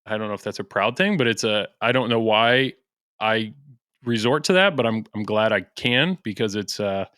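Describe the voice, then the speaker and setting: A man's voice: on the low side, normal speed, a bit bright, no echo, clean studio sound. A man from the American Midwest, a podcast guest in casual chat, talking in an earnest, self-deprecating way and laughing easily.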